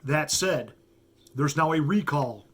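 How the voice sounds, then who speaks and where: A middle-aged pastor talks straight to his audience in a political monologue. He is emphatic and folksy, and he doubles words for stress. His voice sits a bit high for a man. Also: expressive, slow pace, fairly bright tone, breathy edge. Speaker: pastor and commentator.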